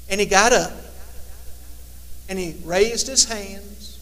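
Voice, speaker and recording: A man preaching a sermon, rising to loud emphatic lines and dropping to hushed, slow ones. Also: high voice, in a large hall.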